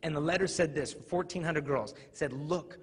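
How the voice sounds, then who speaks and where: A man's voice: fairly high pitch, moderate pace, husky. A man giving a live talk to students, telling humorous stories and acting out voices. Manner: humorous storytelling, acts out voices. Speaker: youth speaker. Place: large hall with audience. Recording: reverberant hall, faint ambient noise.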